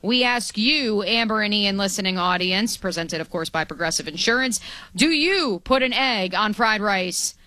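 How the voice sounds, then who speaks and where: A woman's voice: mid-range voice, animated, normal speed, sharp tone, no room sound. A woman co-hosting a sports radio show, teasing and playful in casual banter, also reading promos and the call-in number. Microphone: studio mic.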